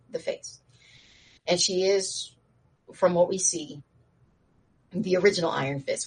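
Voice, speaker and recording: A woman casually recapping a show in slangy talk, acting out the characters' lines in a higher voice and laughing now and then. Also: breathy edge. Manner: chatty with frequent laughs and asides.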